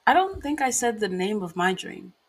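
A woman's voice: medium pitch, sing-song, normal speed. A woman co-hosting a podcast, chatting casually and bluntly, swearing when annoyed. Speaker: podcast co-host. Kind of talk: casual chat.

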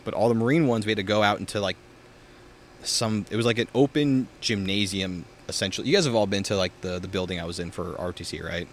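Young guy, casual backyard podcast host, lowish voice, rambly storyteller, faint traffic behind. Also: quick pace. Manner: rambling storyteller, heavy filler words and swearing. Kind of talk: casual chat. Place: outdoors in a backyard.

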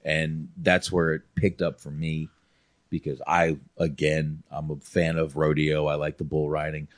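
A man from North Carolina talks through a film he loves in a loose, rambling way, full of restarts and fillers. His voice sits very low. The sound is dry, with no room around it. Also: flat delivery, measured pace, no room sound. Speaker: podcast host. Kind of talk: casual movie review chat.

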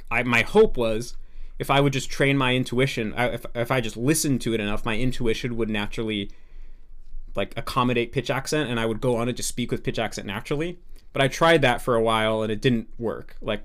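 A young man as a podcast guest, explaining earnestly and thinking aloud in a casual interview. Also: medium pitch.

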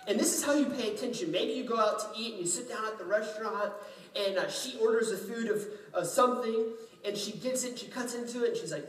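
High-voiced man preaching in an echoey hall. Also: a little fast, a bit bright. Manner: conversational, joking preaching. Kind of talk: sermon. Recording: roomy echo, distant mic, faint ambience.

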